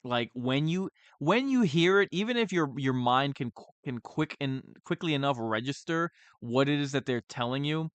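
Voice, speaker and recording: A man with a smooth, clear voice delivers a sarcastic, exasperated review, often restarting his sentences. His pitch sits mid-range, and the sound is close and dry. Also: lively intonation, moderate pace, hardly any pauses, dry recording. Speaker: horror movie reviewer. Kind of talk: sarcastic film review monologue.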